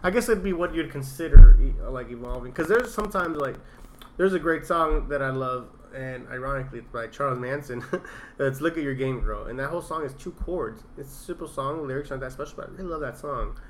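A man chatting casually, rambling and animated, telling stories with laughs and swearing. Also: mid-range voice, brisk, a little hiss or hum. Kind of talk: casual chat.

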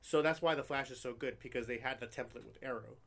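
A man from New Jersey talks in quick bursts, chatting casually and tossing in swear words with plenty of enthusiasm. His pitch sits in a middle range and his pace runs fast. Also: vocal fry, husky. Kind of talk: casual chat.

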